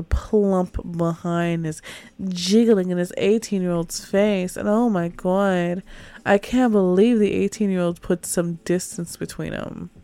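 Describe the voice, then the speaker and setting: A woman's voice: lowish voice, creaky, a little mellow. A woman giving a casual, sarcastic book review rant, full of swearing and filler words. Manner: sarcastic, profane, heavy use of "like".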